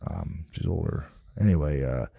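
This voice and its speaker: A man's voice: a bass voice, normal speed, creaky, warm tone, husky, no room sound. A man from New Jersey telling a long, rambling story with lots of cursing and restarts in casual chat. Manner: profane, rambling, with many restarts. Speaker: guest.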